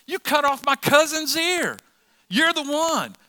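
A man playing an angry male servant who accuses a disciple, his voice raised high and loud. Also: very animated, unhurried, dry recording, studio quality, exaggerated voice. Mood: accusing.

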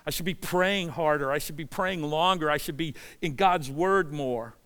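A passionate male pastor preaching in a church sanctuary, his smooth, resonant voice sitting a little high for a man. He swings between near-shouted urgency and low, quiet storytelling, and a long hall reverb trails every phrase. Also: moderate pace. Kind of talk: sermon.

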